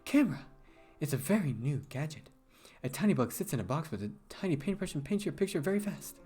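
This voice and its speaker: A man voicing a sweet, eager young girl in a game, in a high, bubbly voice. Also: sing-song, quick pace, husky, soft background music. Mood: chatty. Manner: high, bright, bubbly girlish voice.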